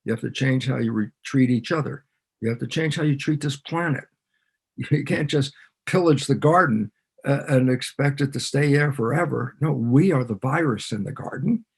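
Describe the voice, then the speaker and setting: A man's voice: mid-range voice, normal speed, gravelly, slightly rough. A man, a biologist guest on a podcast, explaining ideas in conversation and animatedly acting out both sides of imagined dialogues.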